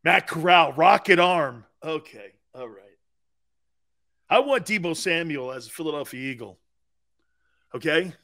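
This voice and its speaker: A man's voice: on the high side, measured pace, long pauses. A man hosting a sports talk show, ranting in a mocking, incredulous way. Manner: mocking and incredulous, breaking into laughter and shouted outbursts.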